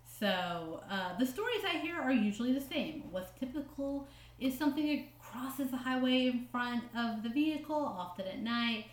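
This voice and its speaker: A woman's voice: fairly high pitch, animated, normal speed, reverberant. A woman co-hosting a casual podcast, reading quotes aloud with joking asides and frequent laughs. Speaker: podcast co-host.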